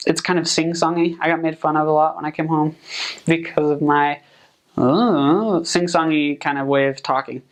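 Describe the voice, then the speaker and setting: A man's voice: on the high side, moderate pace. Chatty young man giving advice. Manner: relaxed, chatty, filler-heavy. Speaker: returned missionary. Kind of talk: casual advice talk.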